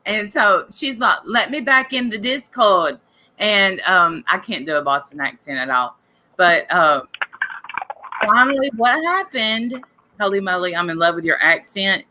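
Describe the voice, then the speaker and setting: A woman's voice: mid-range voice, animated, measured pace, bright, forceful tone, a little hiss or hum. A woman hosting a casual talk show, rambling and gossiping to listeners while sick with a cough. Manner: rambling, chatty, addresses listeners directly. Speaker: podcast host.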